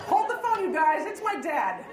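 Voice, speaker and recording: A woman performing a stand-up comedy set, exuberant and shouting her punchlines. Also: extremely high pitch, very animated, normal speed. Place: comedy night in a live venue with audience. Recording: echoey room, crowd laughter and noise.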